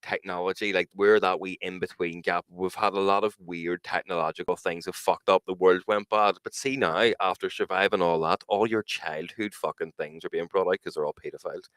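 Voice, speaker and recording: A man's voice: deep voice, steady tone, brisk, few pauses, fairly bright tone, clear, resonant tone, dry recording. A young man with a Northern Irish accent, co-hosting a casual podcast, swearing and laughing a lot. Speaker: podcast co-host. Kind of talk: casual banter.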